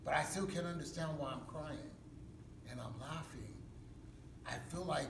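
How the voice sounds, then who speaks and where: Using street slang, a male pastor animatedly recounts a dramatic personal testimony. His fairly high voice has vocal fry and normal speed, picked up from a distance in an echoey hall amid background noise.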